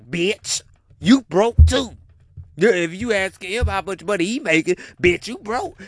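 A man's voice: high voice, fairly bright tone, no echo. A man giving a heated, profane reaction rant, repeating his punchlines. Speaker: commentator reacting to a video.

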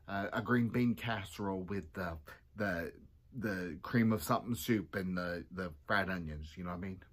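A man who is a pastor, giving a casual devotional talk in a chatty way and acting out quotes with sudden jumps in his voice. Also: fairly bright tone. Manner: chatty, acts out quotes with big pitch jumps.

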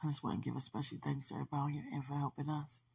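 A woman's voice: a bass voice, steady tone, very fast, vocal fry, mellow, slightly rough. A woman hosting a podcast in casual livestream chat, effusive and affectionate and laughing often. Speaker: podcast host.

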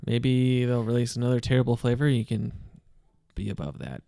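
A man's voice: mid-range voice, moderate pace, creaky, mellow, no echo, studio quality. A man co-hosting a podcast in casual chat, often switching into a playful mock-announcer delivery. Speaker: podcast co-host.

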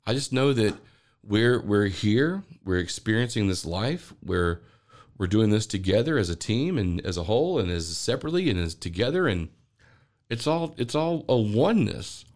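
A man's voice: fairly low pitch, sing-song, normal speed, a little mellow. A man hosting a podcast, talking through spiritual ideas in an earnest, rambling way and often repeating words as he thinks aloud. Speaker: podcast host. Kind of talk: spiritual monologue.

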